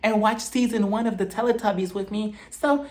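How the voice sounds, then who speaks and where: A man putting on a pleading woman reality star, soft and wheedling. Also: high voice, fairly even intonation, moderate pace, natural voice.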